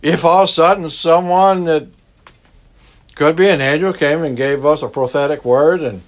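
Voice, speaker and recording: A man's voice: a little high, normal speed. A man preaching a sermon as a pastor, in a folksy, conversational way. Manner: folksy, conversational preaching with Southern turns of phrase.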